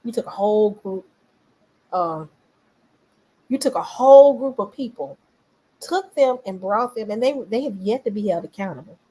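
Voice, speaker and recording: A woman giving casual political commentary, animated and talking straight to her viewers. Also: mid-range voice, moderate pace, long pauses, husky, low-quality recording. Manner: animated, talks back to viewers, quotes others in voices.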